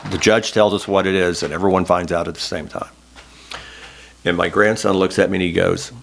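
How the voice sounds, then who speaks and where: Interview guest, middle-aged man from Oklahoma, low voice, emotional and open. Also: steady tone, a little fast, creaky. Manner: emotional, candid storytelling, close to tears. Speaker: interview guest, former state senator. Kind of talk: oral history interview.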